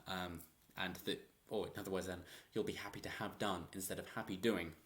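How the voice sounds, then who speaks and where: Low-voiced man ranting in a vlog. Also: fairly even intonation, fairly quick, fairly bright tone. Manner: rambling, opinionated, chuckles often. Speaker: political commentator. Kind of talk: opinionated commentary vlog.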